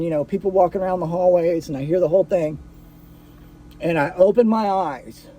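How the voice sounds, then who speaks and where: A man's voice: high-pitched, moderate pace, warm tone. A man telling a personal story in a casual, profane way, full of restarts and fillers.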